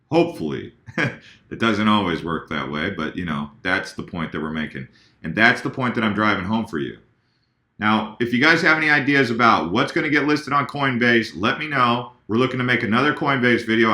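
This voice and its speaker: A man's voice: mid-range voice, bright, forceful tone, roomy sound. A man hosting a casual video about crypto charts and talking straight to his viewers, often correcting himself mid-sentence. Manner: chatty, addresses viewers directly, self-corrects.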